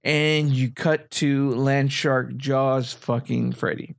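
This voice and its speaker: A man's voice: mid-range voice, steady tone, takes it slowly, creaky, no echo, studio quality. A man on a podcast, chatting casually about a horror film, swearing a lot and acting out lines from it. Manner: profane, jokey, acts out quotes. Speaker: podcast host.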